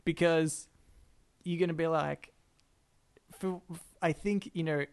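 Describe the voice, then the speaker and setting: A young man riffing through a casual podcast chat, his voice a little high and full of gravelly fry. He laughs a lot and slips into mock voices when he quotes people. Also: slow pace. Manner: joking, laughs often, animated quoting voices. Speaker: podcast co-host.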